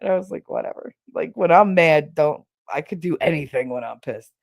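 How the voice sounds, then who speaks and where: Low gravelly woman telling blunt stories. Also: a little fast, no echo, studio quality. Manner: blunt, profane, animated storytelling with laughs. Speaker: podcast host. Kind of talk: casual storytelling chat.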